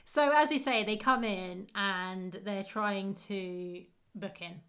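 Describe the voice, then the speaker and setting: Woman, casual podcast chat, chatty, laughs often, mid-pitched. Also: takes it slowly, fairly bright tone. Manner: chatty, laughs often, acts out quoted lines. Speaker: podcast co-host. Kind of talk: casual chat recapping a sitcom episode.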